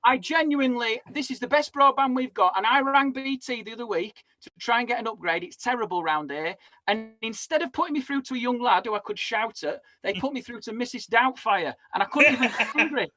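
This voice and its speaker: A man's voice: very high-pitched, expressive, fairly quick, few pauses, sharp tone. A man in his forties, a comedian guest on a video call, rambling animatedly through self-mocking stories. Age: 40s. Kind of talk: casual chat.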